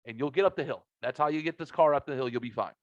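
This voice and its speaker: Brief: middle-aged male podcast host, swears freely, animated storyteller, dry dull lo-fi sound. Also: medium pitch, very fast, no echo. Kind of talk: casual storytelling chat. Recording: dull lo-fi audio.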